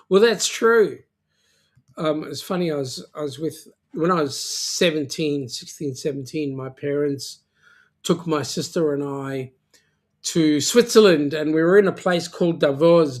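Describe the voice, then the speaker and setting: A man hosting a casual livestream chat, from South Africa, teasing his viewers and talking in halting bursts full of filler sounds and restarts. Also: on the high side. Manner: joking and teasing. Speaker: livestream host.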